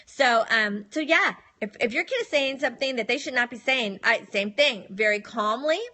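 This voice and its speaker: A woman's voice: fairly high pitch, animated, moderate pace, sharp tone. A middle-aged woman talking casually on a live stream, giving firm, matter-of-fact parenting advice and acting out what she says to her children.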